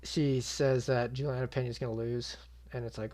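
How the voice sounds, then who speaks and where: A man's voice: mid-range voice, flat delivery, normal speed, darkish tone. Young man ranting casually about fights. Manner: blunt and swearing, frequently exasperated. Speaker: MMA channel host. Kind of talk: casual reaction commentary.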